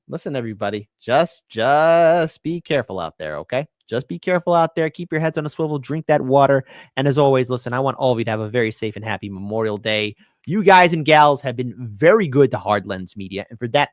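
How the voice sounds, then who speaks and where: A man hosting his own commentary show, talking earnestly and often circling back to repeat a phrase for weight. His voice sits at a middling pitch, and the sound is dry and close, with no room around it. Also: dry recording. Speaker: host. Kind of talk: casual solo commentary.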